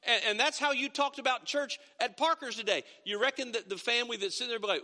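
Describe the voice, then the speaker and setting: A man's voice: very high-pitched, fast, hardly any pauses, sharp tone, in a large hall. A middle-aged male pastor preaching a sermon in a folksy, conversational way, telling stories with frequent restarts. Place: church sanctuary.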